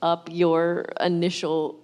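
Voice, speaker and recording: A woman's voice: on the low side, little pitch movement, takes it slowly, a little mellow. A woman speaking candidly and casually as a co-speaker in a parenting talk at a church conference. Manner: casual and candid, quotes herself. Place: church auditorium. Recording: reverberant hall, voice from a distance.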